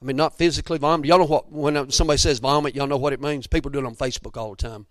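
Southern male preacher from Georgia, middle-aged, folksy and emphatic, mid-pitched voice, close dry sound. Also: steady tone, very fast, no room sound. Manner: folksy, emphatic, drops to soft near-whispers. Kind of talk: sermon storytelling.

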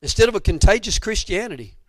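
A middle-aged man from Georgia with a Southern accent, preaching in an emphatic, folksy storytelling style that drops at times to soft near-whispers. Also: sits high, lively intonation, quick pace, no echo, clean studio sound. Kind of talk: sermon storytelling.

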